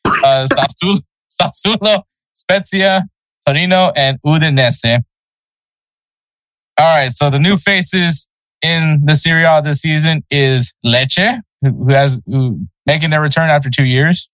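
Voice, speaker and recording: A man's voice: a little high, a little slow, a bit bright, no room sound, poor audio. Chatty man, dry close sound. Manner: loose and chatty, laughs at his own pronunciation slips. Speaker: podcast co-host. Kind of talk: casual sports podcast chat.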